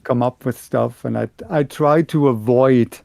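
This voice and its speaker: A man from Germany with a Bavarian German accent, chatting casually as a podcast co-host, halting and restarting often. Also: medium pitch, steady tone, vocal fry, darkish tone, dry recording, studio quality. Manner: halting, many restarts and repeated words. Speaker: podcast co-host and audiobook narrator. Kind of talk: casual chat.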